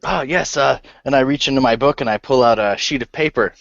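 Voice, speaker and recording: A man's voice: medium pitch, quick pace, no room sound, lo-fi sound. A man playing a tabletop game, playfully describing what his character does. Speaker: player.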